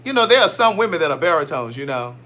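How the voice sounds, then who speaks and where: A man's voice: fairly high pitch, very animated, quick pace, sharp tone, slight background noise. A man hosting a casual livestream, chatty and playful as he reads out viewer comments. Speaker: livestream host.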